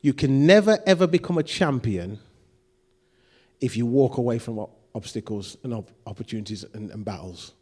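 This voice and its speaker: A man's voice: mid-range voice, lively intonation, moderate pace, a little mellow, husky. A man preaching a sermon, acting out quoted voices and putting questions to the congregation. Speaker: pastor.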